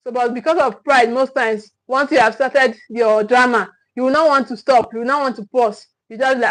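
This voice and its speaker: A woman's voice: on the high side, fairly even intonation, normal speed, hardly any pauses, fairly bright tone, rough recording. A woman with a Nigerian accent giving a live-stream talk as a parenting coach, repeating key points with emphasis. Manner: repetitive, emphatic, thanks viewers often.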